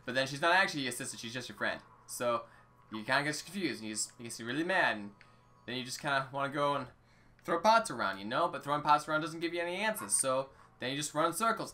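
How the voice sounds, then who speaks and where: A man voicing a grumpy eighty-year-old hero with anger issues in a lower, rambling put-on accent. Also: bright, forceful tone.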